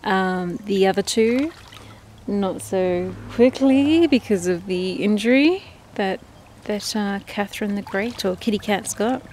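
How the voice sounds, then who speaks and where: Out in her backyard, a duck keeper from Australia chats warmly and casually while filming her ducks. She speaks a little slowly with a medium pitch and a darkish tone, over faint outdoor background noise.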